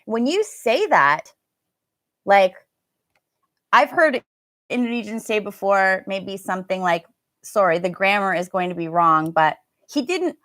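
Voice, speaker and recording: A woman's voice: fairly high pitch, expressive, slow, fairly bright tone, no echo. A woman teaching a live online English pronunciation class, chatting casually and stretching out vowel sounds to demonstrate them.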